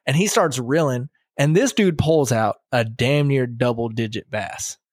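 A man in his thirties spins a casual fishing yarn, jumping into quoted voices of himself and his buddies. His voice sits at a middle pitch, and the recording is dry and close with no room sound around it. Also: measured pace, dry recording. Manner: animated storyteller, quotes himself and friends. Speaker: podcast host. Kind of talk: casual chat.

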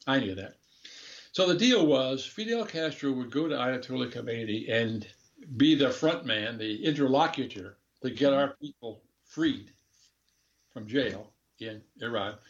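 A muffled recording captures an older man, once a diplomat, telling an unhurried, candid anecdote in a casual interview. His mid-range voice has lively intonation, and he chuckles and corrects himself as he rambles.

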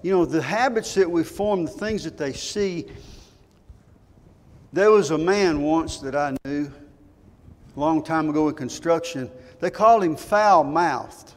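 A man's voice: fairly high pitch, a little slow. An older man preaching a sermon, telling folksy stories and asking his congregation rhetorical questions. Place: church sanctuary. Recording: church hall reverb.

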